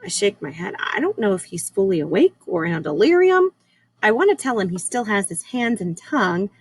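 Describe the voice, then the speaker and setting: A woman teacher reads a chapter book aloud to her class. Her reading is measured and unhurried, with now and then a small slip. Her voice sits at a middling pitch. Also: big pitch swings, breathy edge, low-quality recording.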